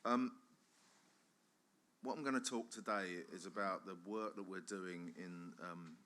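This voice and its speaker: A man speaks at a conference in a very deep, slow and halting voice. His tone still comes through bright and forceful. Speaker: architect. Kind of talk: conference presentation.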